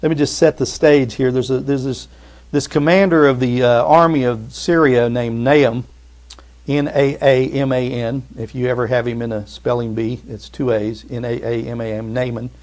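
A man delivering a sermon at a mid-range pitch, talking through the story in an easy, conversational way. Now and then he climbs into loud, emphatic bursts before settling back down to a quieter, earnest tone. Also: fairly even intonation, normal speed. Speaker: pastor.

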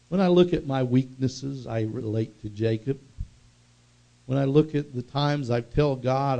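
A man preaching a sermon, emphatic and drawing out key words slowly for weight. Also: medium pitch, gravelly, dark tone.

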